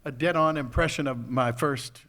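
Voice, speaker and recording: A man's voice: medium pitch, normal speed, fairly bright tone, a little hiss or hum. Older man spinning rambling stories. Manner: rambling storyteller, slips into character voices, chuckles often. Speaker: voice actor guest. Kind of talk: convention panel interview. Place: convention panel stage.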